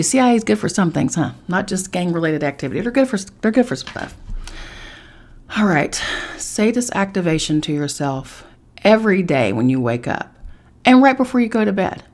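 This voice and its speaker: A woman hosts a spiritual talk podcast, her voice low for a woman. She talks in a blunt, lively, chatty way and drops casual swear words. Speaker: podcast host.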